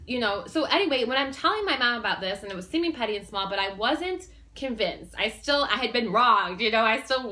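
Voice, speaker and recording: A woman vlogger chatting straight to camera with a bright, forward tone. She rambles a little, fills gaps with ums and restarts her sentences. She sounds earnest as she shares her personal stories. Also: medium pitch. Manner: earnest and warm-hearted, sharing personal stories. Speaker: self-help vlogger. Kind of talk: casual talk to camera.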